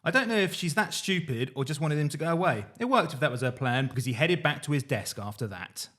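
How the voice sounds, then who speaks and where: Man reading diaries deadpan. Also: on the high side, fast talker. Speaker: podcast host reading diaries. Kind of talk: casual chat and diary reading.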